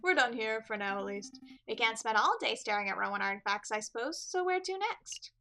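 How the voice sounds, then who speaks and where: A woman talks through a video game in a casual, chatty way and pokes fun at herself as she goes. Her voice sits fairly high and sounds bright and crisp, with faint music behind it. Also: big pitch swings, fairly quick. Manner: chatty, self-deprecating. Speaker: let's play gamer. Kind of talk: casual gameplay commentary.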